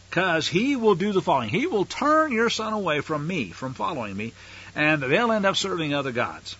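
A man's voice: on the high side, sing-song, brisk, a bit bright, slightly rough. A man teaching a Torah portion, reading scripture aloud with emphatic swells and then explaining it in a casual way. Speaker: Bible teacher. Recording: dull lo-fi recording.

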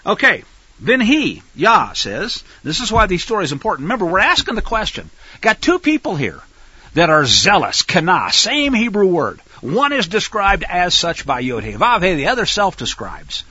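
An animated male preacher teaching through a scripture passage, his voice leaping wildly up and down in pitch. The tone is bright yet husky, heard dry and close on a slightly dull, lo-fi recording. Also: moderate pace. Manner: animated and emphatic, swinging from loud stresses to near-murmurs. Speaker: Bible teacher. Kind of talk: teaching sermon with scripture reading.

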